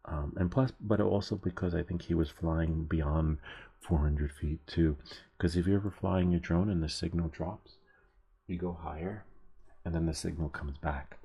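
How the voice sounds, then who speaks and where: A man's voice: low voice, fairly even intonation, normal speed, creaky, warm tone, slightly rough. A man hosting a DIY tech channel, talking in a loose, rambling way, swearing casually and laughing at himself.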